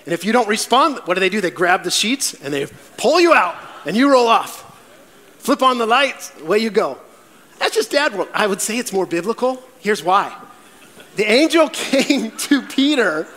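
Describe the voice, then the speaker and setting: A man preaching a sermon as pastor, telling stories with animated, acted-out voices. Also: high voice, normal speed. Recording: echoey hall with long reverb.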